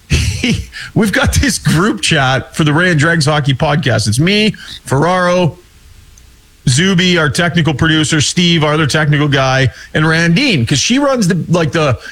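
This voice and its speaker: A man's voice: fairly high pitch, fairly bright tone. A man telling an exasperated, rambling story in casual chat over a video call. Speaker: hockey podcast co-host and weekly guest.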